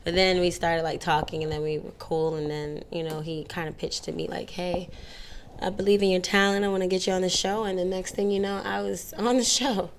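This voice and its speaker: A woman's voice: fairly low pitch, steady tone, fairly quick, slight background noise. A young woman as an interview guest, chatting candidly and telling stories, sometimes slipping into playful voices. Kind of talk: casual interview chat.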